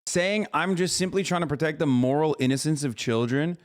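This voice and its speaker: Man with a slightly high voice, for an incredulous live-stream reaction host who swears freely. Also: brisk.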